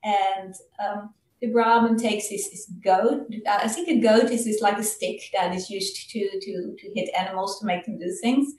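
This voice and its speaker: Woman giving a Dhamma talk, casual storytelling, mid-pitched, roomy echo, mic far off. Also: fairly even intonation, a little mellow, a little hiss or hum. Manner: casual, halting, many fillers. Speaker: Dhamma speaker.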